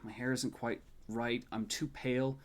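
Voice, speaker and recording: A man's voice: medium pitch, steady tone, a little slow, close to an everyday voice. A man voicing a nervous young groom in a tabletop game, speaking hesitantly to his grandfather. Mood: shaky. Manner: hesitant, unsure.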